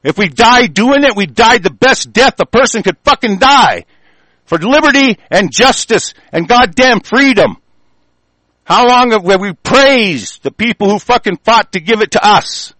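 A man delivering an angry, profane political rant, heated and forceful. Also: sits high, expressive, unhurried, no room sound, low-quality recording. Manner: heated, profane, shouting tirade.

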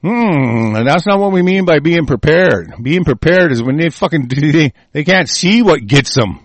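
Reading news aloud and breaking in with profane, angry attacks, this man delivers ranting commentary at normal speed with few pauses. His voice is fairly high and expressive, recorded without echo.

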